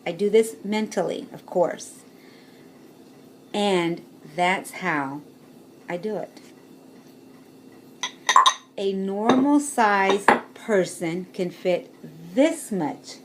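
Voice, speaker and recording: A woman's voice: medium pitch, drawn-out words, pauses often. Chatty woman vlogging with faint hiss. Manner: chatty, demonstrating with bowls, laughs often. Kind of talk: casual chat to camera.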